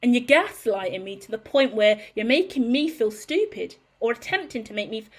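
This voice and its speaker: A woman's voice: a little high, brisk, few pauses. A woman giving a heated, profane monologue to camera as a tarot reader, blunt and ranting.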